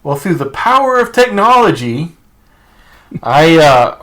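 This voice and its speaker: A man's voice: on the high side, sing-song, measured pace, bright, forceful tone. Rambling, laughing male podcast co-host. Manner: rambling, self-correcting, laughs often. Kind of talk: casual chat.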